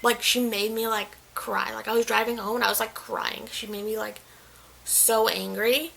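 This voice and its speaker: A woman's voice: a little high, steady tone, normal speed, vocal fry, a bit bright, low-quality recording. A young woman venting in a casual vlog, retelling a story in a chatty, frustrated way and filling it with "like" and quoted lines. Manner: chatty, heavy use of "like", quotes others mid-story. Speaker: vlogger.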